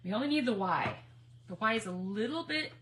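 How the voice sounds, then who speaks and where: Woman, casual craft livestream, phone mic, chatty, giggly, lively swooping pitch. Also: fairly quick, slight background noise. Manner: chatty, giggly, nervously excited. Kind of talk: casual live crafting chat.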